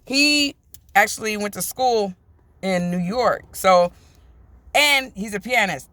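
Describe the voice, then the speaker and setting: A woman from the US telling a personal travel story in a chatty, animated vlog, acting out what people said. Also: medium pitch, slow pace, no room sound. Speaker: vlogger. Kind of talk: casual storytime.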